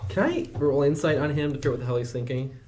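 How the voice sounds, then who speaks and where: A man's voice: medium pitch, racing, background noise. A man playing in a tabletop game, brash and casual, swearing now and then. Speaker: player.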